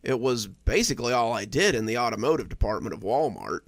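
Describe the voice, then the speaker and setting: A man's voice: mid-range voice, very animated, quick pace, vocal fry, dry recording. A man voicing a casual young woman working as a shop clerk in a storybook reading. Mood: offhand.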